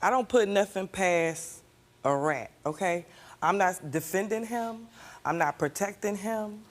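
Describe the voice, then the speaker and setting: A woman's voice: medium pitch, measured pace. An older woman and grandmother, a talk show guest, speaking defensively and insistently.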